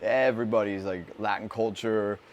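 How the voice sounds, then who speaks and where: A man's voice: lowish voice, steady tone, normal speed, highs cut off, a little hiss or hum. A man hosting a podcast, chatting casually in a loose, profane, slangy way. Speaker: podcast host. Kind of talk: casual chat.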